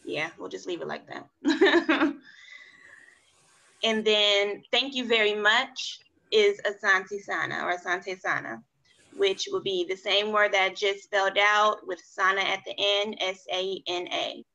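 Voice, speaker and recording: A woman's voice: medium pitch, a little slow, creaky, pushed and bright, rough recording. A woman leading an online group language lesson over a video call, encouraging the group and spelling words out letter by letter. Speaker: study group facilitator.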